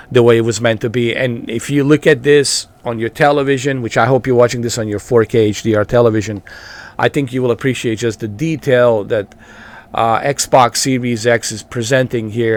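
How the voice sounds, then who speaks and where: A man giving casual, rambling gameplay commentary as a channel host, repeating himself and filling pauses with ums and uhs. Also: medium pitch.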